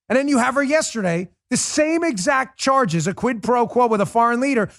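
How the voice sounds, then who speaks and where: A middle-aged man rants in a fired-up, scornful political monologue, hammering his points with insults and repetition. His voice sits high and swings widely in pitch. The sound is close and dry, with no room around it. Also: animated, a little fast, few pauses, fairly bright tone, no room sound. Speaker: political commentary host.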